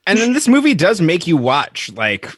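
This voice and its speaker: A man with a mid-range voice and a lively pitch muses aloud, restarting his thoughts as he goes. The sound is dry and close, with no room echo. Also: moderate pace, breathy edge. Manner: musing and thinking aloud, with restarts. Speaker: podcast co-host. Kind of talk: casual movie discussion.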